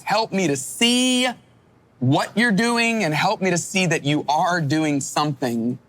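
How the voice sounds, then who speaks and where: A man's voice: a little high, a bit bright. A middle-aged male pastor preaching a sermon in an earnest, emphatic way, often restarting his words.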